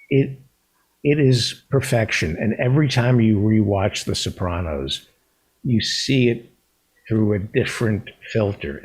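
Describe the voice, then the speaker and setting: A husky-voiced man hosts a casual talk show. His pitch swings widely as he gushes and repeats himself for emphasis, sounding warm and chatty. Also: rough recording. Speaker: host. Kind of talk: casual chat.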